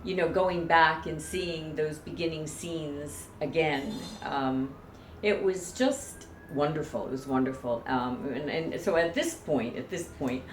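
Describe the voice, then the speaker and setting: A woman with a lowish voice tells a personal memory to camera, heartfelt and emotional. The sound is roomy and echoey, with a faint hum of ambience behind her. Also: a little slow. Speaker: vlogger.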